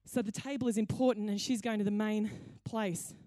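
A woman's voice: mid-range voice, fairly even intonation, a little fast, mellow, dry recording, clean studio sound. A woman pastor delivering a sermon in a conversational, playful storytelling way. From Australia.

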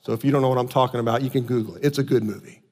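A man preaching a sermon as pastor, moving between quiet low asides and raised, emphatic lines. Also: fairly even intonation, racing. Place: church sanctuary. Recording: long reverb in a large hall.

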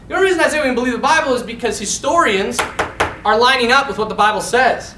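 A man, a priest telling a story in a lively, animated way during a sermon. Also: extremely high pitch, quick pace. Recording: echoey hall, mic far off, faint noise.

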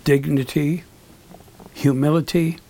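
An older man with a fairly high voice recounts stories in an interview, full of asides and restarts. He slips into other people's voices when he quotes them, which keeps his delivery lively. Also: slow pace. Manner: animated, acts out quoted dialogue. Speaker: guest, recording engineer. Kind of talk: storytelling in an interview.

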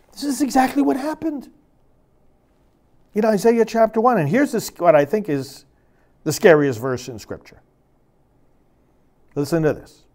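A man's voice: sits high, a little mellow. A man who is a priest, giving a sermon and reading scripture with emphatic, dramatic force.

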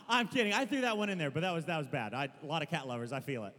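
Young male pastor, high voice, lively storyteller who shouts and laughs; recorded in a reverberant hall with mains hum. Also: quick pace. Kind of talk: sermon.

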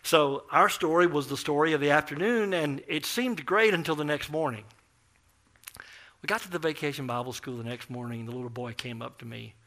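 Bright-voiced preacher telling a story. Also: male voice, a little high, fairly quick. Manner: animated, acts out the people in his story. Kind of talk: storytelling sermon.

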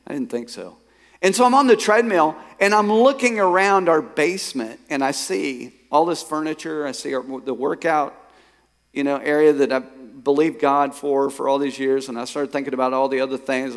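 A male pastor preaching a sermon. He tells a personal story and swings from quiet reflection to emphatic, rising bursts. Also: fairly high pitch. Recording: long hall reverb.

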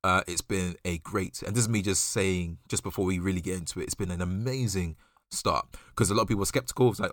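A man's voice: sits low, quick pace, fairly bright tone, dry recording, studio quality. A man co-hosting a podcast in casual chat, rambling with fillers and restarts. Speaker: podcast co-host.

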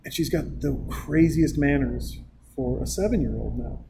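Male host, casual storyteller, animated quoting, light room noise. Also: fairly high pitch, normal speed, gravelly. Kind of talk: casual chat.

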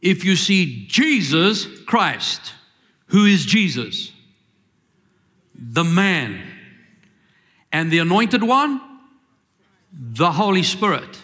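A man's voice: high-pitched, very animated, very slow, long pauses, pushed and bright. A man preaching a sermon, asking questions and calling for the congregation's answers, with rising emphatic lines. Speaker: pastor.

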